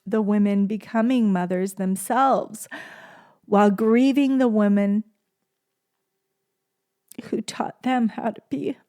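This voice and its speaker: A woman hosting a podcast, speaking in a gentle, soft-spoken and tender way and repeating phrases for emphasis in a heartfelt solo monologue. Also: mid-range voice, slow pace, long pauses. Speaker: podcast host.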